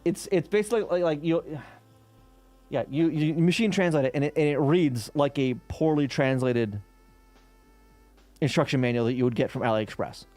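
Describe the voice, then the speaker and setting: A man's voice: on the high side, normal speed, a little mellow, faint music behind. Casual streamer man thinking aloud. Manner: rambling, swears and laughs often, many restarts. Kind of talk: casual live-stream chat while reverse engineering code.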